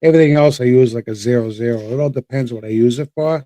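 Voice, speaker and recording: A man's voice: mid-range voice, fast talker, warm tone, no room sound. A man in a casual podcast chat. He rambles and repeats words as he restarts his sentences. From Boston. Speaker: co-host.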